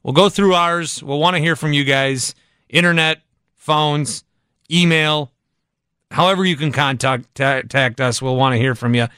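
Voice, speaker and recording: A man's voice: on the high side, normal speed, sharp tone, clear, resonant tone, no echo. A man hosting a sports talk radio show, bantering and joking with his co-host from a studio. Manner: joking, doing impressions. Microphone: studio microphone.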